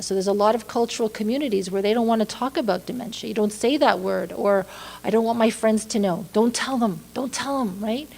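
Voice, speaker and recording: A woman's voice: fairly high pitch, darkish tone. A woman giving a public lecture in a library hall, earnest and direct, checking in with her listeners often. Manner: earnest, repeats "okay?" and "right?" to check in with listeners. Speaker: speaker on caregiving.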